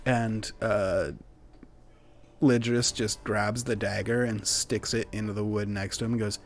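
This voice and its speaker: A man's voice: lowish voice, steady tone, a little slow. A man narrating as game master in a laid-back way with many fillers.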